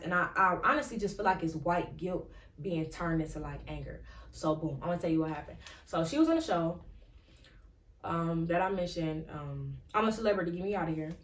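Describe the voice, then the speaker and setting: A fairly low-pitched woman hosts a solo podcast, chatting loosely and rambling through her thoughts with plenty of fillers. She sits back from the mic in an echoey room with a faint hum of ambience behind her. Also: distant mic. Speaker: podcast host. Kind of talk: casual solo commentary.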